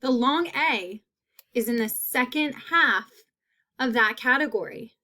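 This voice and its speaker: A woman teacher giving a phonics lesson, repeating each word slowly and clearly. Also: on the high side, lively intonation, bright, forceful tone.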